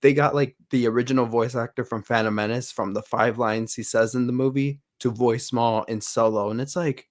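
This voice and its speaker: A man's voice: medium pitch, steady tone, a little fast, few pauses. A man co-hosting a fan podcast in casual chat, rambling with frequent restarts and fillers. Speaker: podcast co-host.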